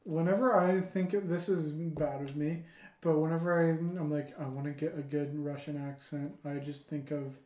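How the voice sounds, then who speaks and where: Low voice woman just chatting on a podcast, kinda goofy, echoey room. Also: steady tone, normal speed, dark tone. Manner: playful, slips into silly impressions. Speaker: podcast co-host. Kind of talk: casual chat.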